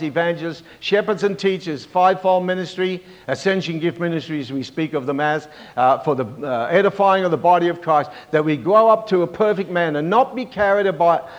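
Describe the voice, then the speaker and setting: A man preaching a Bible-teaching sermon, pausing often with fillers and restarts and asking the congregation for amens. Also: a little high. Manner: halting, with many fillers and restarts. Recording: dull lo-fi recording.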